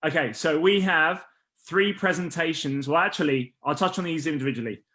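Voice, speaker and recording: A man hosting a casual business team call, energetic and rallying, who says he is losing his voice. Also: on the high side, a little fast. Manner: energetic, rallying, restarts often.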